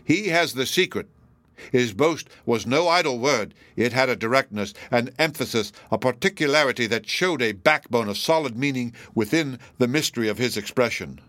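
A man reading aloud in the voice of a smug, pompous elderly judge, formal and deliberate. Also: mid-range voice, lively intonation, a bit bright, no echo, natural voice. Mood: insistent. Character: smug, self-assured elderly male judge, pompous and formidable.

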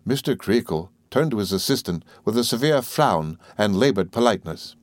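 Man, audiobook narrator, low voice, measured reading, dry close recording. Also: animated, no room sound. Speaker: audiobook reader. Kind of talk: scripted narration.

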